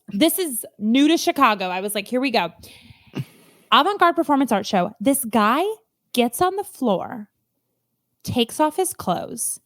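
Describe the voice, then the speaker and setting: High, lively woman joking around. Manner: animated, jokey, acts out quotes. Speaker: podcast co-host. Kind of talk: casual comedic chat. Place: Chicago.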